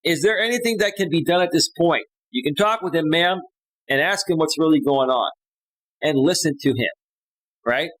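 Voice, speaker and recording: A man's voice: on the high side, lively intonation, moderate pace, fairly bright tone, dry recording, low-quality recording. A man hosting a livestream as a life coach, reading out posts and giving blunt, opinionated advice with many fillers and tag questions.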